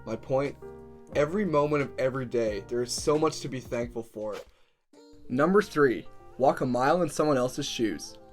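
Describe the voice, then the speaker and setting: A man's voice: mid-range voice, moderate pace. Upbeat young man hosting a self-help video. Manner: upbeat, with joking asides. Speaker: video host. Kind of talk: scripted self-help talk. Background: faint background music.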